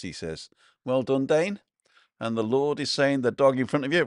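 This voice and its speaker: A man's voice: mid-range voice, expressive, a little slow, dry recording, clean studio sound. A man hosting a casual live stream, rambling about food and reading viewer comments aloud. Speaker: vlog host. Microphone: own microphone.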